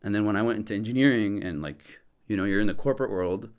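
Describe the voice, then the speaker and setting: A young man from Michigan casually telling a story as a podcast guest, animated and slangy, laughing and swearing as he goes. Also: fairly low pitch, fast, clean tone. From Dearborn, Michigan.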